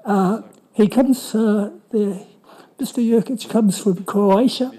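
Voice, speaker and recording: A man asking a question as a resident at a council meeting, halting and restarting often. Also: high-pitched, warm tone, rough recording. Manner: halting, with many restarts and fillers. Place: council chamber.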